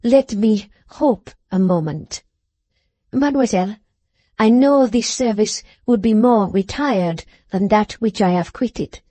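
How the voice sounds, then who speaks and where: A woman voicing an intense young French lady's maid in an audiobook, speaking in a low, subdued, earnest way with a French accent. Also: slow pace, mellow, dry recording. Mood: earnest pleading. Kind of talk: audiobook character voice.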